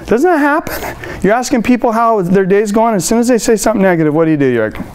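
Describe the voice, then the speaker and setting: A man giving a motivational customer service training talk to a live room, energetic and playful, acting out phone calls. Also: high voice, fast, noisy background.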